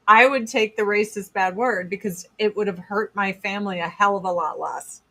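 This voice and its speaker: A woman's voice: mid-range voice, normal speed, a bit bright. A woman in her forties hosting a casual chat stream from home, blunt and rambling, swearing freely.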